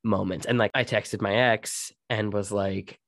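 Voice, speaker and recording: A young man co-hosting a podcast, casually telling ghost stories and swearing freely in relaxed chat. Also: fairly low pitch, measured pace, vocal fry, dry recording. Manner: relaxed, swears freely, quotes others in his own voice. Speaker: podcast co-host.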